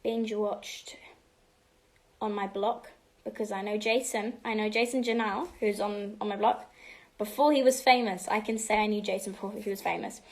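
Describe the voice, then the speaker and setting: A teenage girl answering fan questions on a home livestream, chatting casually and switching between English and Spanish, sometimes dropping to a soft half-whisper. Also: medium pitch, fairly even intonation, normal speed. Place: home room.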